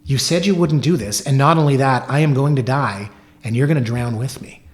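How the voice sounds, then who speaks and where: A man's voice: medium pitch, a little fast, close to an everyday voice. A man voicing a trusting but wary frog from a fable in his own plain podcast voice.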